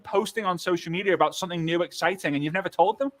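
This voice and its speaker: Animated man coaching. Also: high voice, very fast. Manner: animated, jokey, acts out sample dialogues. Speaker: sales coach in a clip. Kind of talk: coaching talk to camera.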